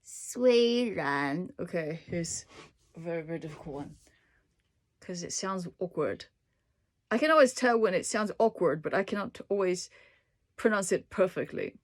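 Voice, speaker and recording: A woman's voice: lowish voice, lively intonation, a little slow. A woman casually reading dictionary entries aloud to herself, trying out Chinese words with small asides and occasional whispers. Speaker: language learner reading a dictionary.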